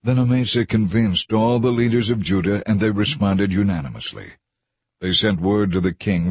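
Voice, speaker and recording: A man reading scripture aloud in a measured, even narration. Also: on the low side, slightly rough, no room sound. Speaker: scripture reader. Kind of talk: scripted Bible reading over music. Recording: soft music bed behind.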